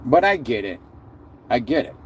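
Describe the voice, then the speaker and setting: A man's voice: mid-range voice, very animated, moderate pace, a little hiss or hum. A man hosting a live stream, ranting in a heated, sarcastic way with slang and lots of repeated words.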